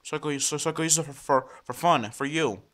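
Talking over a recording of his computer screen, a man whose voice is a little high chats with viewers casually. His delivery is excitable and halting, and he keeps repeating words and starting again; he's a computer vlogger.

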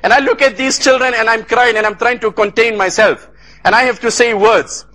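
A man from South Africa delivers an impassioned sermon in a high, bright, ringing voice. He speaks in repeated, rhythmic cadences and mixes Arabic phrases into his telling. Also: fairly even intonation, a little fast. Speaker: Islamic lecturer. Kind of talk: emotional sermon storytelling.

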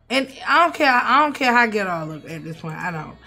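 A young woman, giving animated, swearing, mock-outraged commentary as she plays a life-sim game. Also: mid-range voice, fairly quick, few pauses, soft background music. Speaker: gaming streamer. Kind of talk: casual gameplay commentary.

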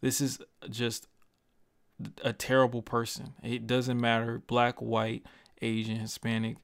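Through a desk microphone with studio-quality, echo-free sound, a young YouTuber speaks in a mid-range voice that is clear and resonant yet completely flat, with vocal fry. Though his delivery halts with frequent restarts and stutters, his commentary views are earnest and passionate, and he swears casually.

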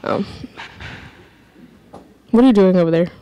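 A woman's voice: mid-range voice, a little slow, warm tone, slight background noise. A young woman co-hosting a student broadcast, teasing and casual. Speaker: student co-host.

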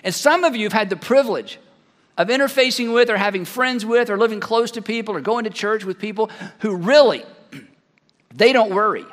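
A man preaching an animated sermon as pastor, acting out both sides of imagined conversations. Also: high-pitched, moderate pace, big-room sound. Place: large church hall.

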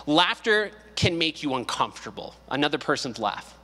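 Bright-voiced joking male pastor in a hall. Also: a little high, moderate pace. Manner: joking and animated, acting out quotes. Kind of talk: casual verse-by-verse Bible study. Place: church sanctuary. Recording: long hall reverb.

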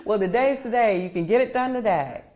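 A woman's voice: a little high, expressive, brisk, darkish tone. A woman co-hosting a local TV live show, cheerfully running through upcoming events and laughing with her co-hosts. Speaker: co-host of a county TV live show. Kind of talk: casual live show chat.

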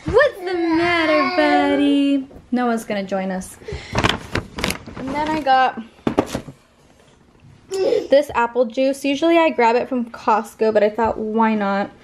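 A woman's voice: fairly high pitch, lively intonation, a little slow, long pauses. A young woman vlogging casually to her handheld camera, chatty and rambling, with lots of fillers as she shows her shopping. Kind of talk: casual shop-with-me vlog. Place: in her car, then at home. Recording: loud background noise.

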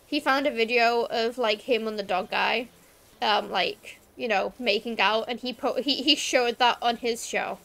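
A young woman from the Liverpool area of England chats casually on a gaming stream as a VTuber. Her voice is fairly high, a little slow, gravelly, and fairly bright in tone. She rambles, using lots of fillers and restarting sentences.

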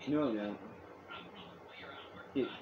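A man rambling excitedly in a home video monologue, repeating himself and jumping between topics. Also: mid-range voice, very slow, muffled recording, noisy background. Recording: echoey room.

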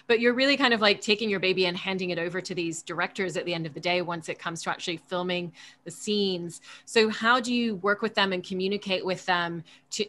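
A woman's voice: fairly low pitch, a bit bright, a little hiss or hum. A woman moderator asking long, winding interview questions on a video call.

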